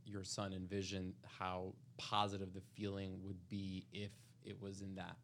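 Brief: male co-host, lowish voice, chimes in eagerly. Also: monotone, a little slow, fairly bright tone, slight background noise. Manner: brief affirmations, eager interjections. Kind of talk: interview conversation.

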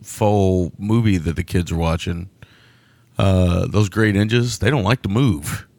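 A man co-hosts a podcast, chatting about a movie with frequent laughs and stammered restarts. His very low voice has a gravelly fry. The sound is dry, with little room echo. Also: a little slow, darkish tone. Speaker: podcast co-host. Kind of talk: casual film discussion.

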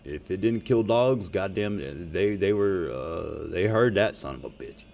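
A man's voice: deep voice, lively intonation, measured pace, vocal fry, pauses often, darkish tone. A man rambling profanely and jokingly in a casual monologue to his audience. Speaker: vlogger.

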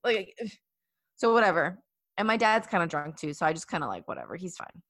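A woman's voice: lowish voice, fairly quick. Chatty young woman telling stories. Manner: chatty, animated storytelling with many fillers. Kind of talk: casual storytelling chat.

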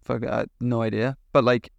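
A man's voice: mid-range voice, little pitch movement, normal speed, vocal fry, no echo, dull audio. A young man, telling stories in a rambling way with lots of fillers and swearing as a podcast co-host. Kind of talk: casual chat.

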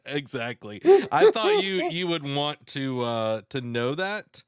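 A man co-hosting a casual gaming podcast, talking in a relaxed, friendly way with many fillers. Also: medium pitch, slow, smooth, no echo, studio quality. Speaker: podcast co-host.

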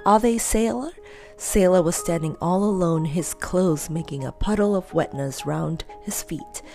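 A woman reading a children's story aloud in a lively, expressive way. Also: sits low, measured pace, faint music behind.

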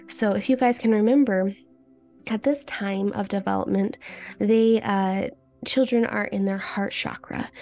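A woman's voice: mid-range voice, gravelly, a little mellow. A woman hosting a podcast, in a casual teaching chat with her listeners, often restarting her sentences. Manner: chatty, talks straight to listeners; frequent restarts and fillers. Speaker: podcast host.

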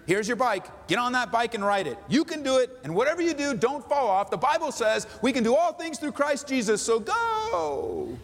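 A man's voice: very high-pitched, big pitch swings, normal speed, few pauses, in a large hall, voice pushed up, exaggerated voice. A man voicing a pushy, upbeat churchgoer who barks cheering commands at a child. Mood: rousing.

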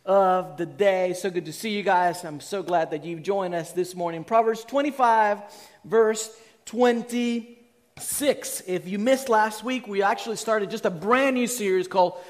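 A man in his forties, a pastor giving a sermon, who tells stories in a lively way and acts out his own reactions. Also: sits high, a little slow.

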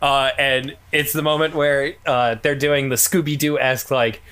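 A man's voice: medium pitch, little pitch movement, unhurried, a bit bright, smooth. A man in casual movie chat, adding joking comments and short agreements. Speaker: podcast co-host.

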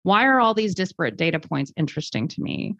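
A woman with a lowish voice talks in an articulate, reflective way, stopping to rephrase and adding fillers as she thinks. The sound is dry and a little dull, with no room around it. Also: sing-song, quick pace, fairly bright tone, no room sound. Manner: thoughtful, articulate, with fillers and restarts. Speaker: guest speaker. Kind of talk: conversational podcast interview. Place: lives in Germany.

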